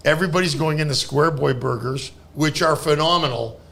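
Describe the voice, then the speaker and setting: A man, a guest comedian on a podcast, telling animated comedy stories, laughing through them and shouting exaggerated impressions. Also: fairly high pitch, a little fast, gravelly. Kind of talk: storytelling comedy anecdotes. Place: podcast studio.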